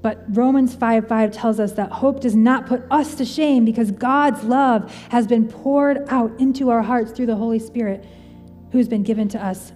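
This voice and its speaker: Soft music plays beneath a woman's slightly high, mellow voice, steady in tone and at normal speed. She's a pastor in her thirties delivering a sermon to her congregation, conversational, earnest and personal. Recorded in a church auditorium, the sound has a large hall's long reverb.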